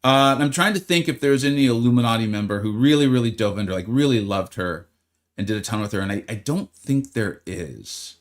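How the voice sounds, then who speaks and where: A man's voice: mid-range voice, fairly quick. A man with an ordinary mid-range voice hosts a live game stream. He sounds upbeat and talkative, reading out viewers' names and chatting with them casually. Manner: upbeat, greets chat by name, chatty.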